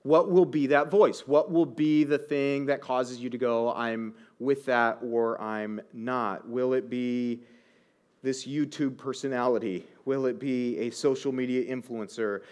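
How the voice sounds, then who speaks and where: A man in his thirties preaching a sermon as a pastor, conversational and animated, often asking the listeners rhetorical questions. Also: medium pitch, measured pace.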